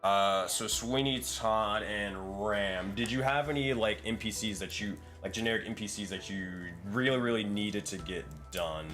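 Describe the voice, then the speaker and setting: A man with a lowish voice runs a casual online meeting, thinking aloud and rambling through ideas with plenty of ums. He sounds like he is on a headset over a voice call, with faint music in the background. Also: normal speed, few pauses, a bit bright. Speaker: community project lead and dungeon master.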